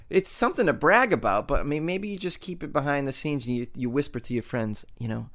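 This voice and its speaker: A man's voice: medium pitch, expressive, a little fast, fairly bright tone. A man hosting a comedic news podcast, reading odd stories in a joking, sarcastic way and laughing between lines.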